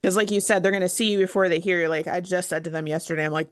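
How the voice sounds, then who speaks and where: Mom on a podcast, lowish voice, dry close sound, tells family stories and does the voices. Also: female voice, rapid-fire, dry recording. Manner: animated storyteller, acts out family talk. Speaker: podcast guest. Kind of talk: casual chat.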